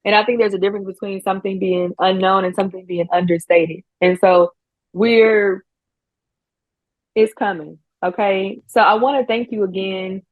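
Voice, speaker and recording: A woman's voice: mid-range voice, steady tone, normal speed, no room sound, narrow, tinny audio. A woman hosting a podcast interview, talking emotionally and effusively, often restarting her sentences. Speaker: podcast host. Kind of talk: conversational interview.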